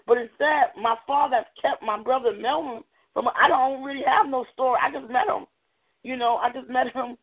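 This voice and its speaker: Woman guest speaker, earnest halting testimony, fairly high voice, phone-line sound. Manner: earnest, halting, with frequent restarts. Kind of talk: personal testimony sermon. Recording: tinny phone-like audio.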